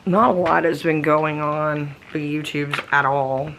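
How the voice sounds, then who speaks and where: A woman's voice: steady tone, unhurried, a bit bright, a little hiss or hum. A woman vlogging casually from her living room, tired and nursing a migraine, rambling with plenty of fillers. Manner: rambling, low-key, lots of fillers. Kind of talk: casual daily vlog chat.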